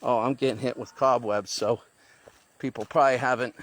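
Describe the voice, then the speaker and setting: A man's voice: medium pitch, steady tone, a little fast. Man rambling on a jungle hike. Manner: rambling, thinking aloud. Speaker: vlogger. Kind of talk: talking to camera while hiking. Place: outdoors in the jungle. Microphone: handheld phone.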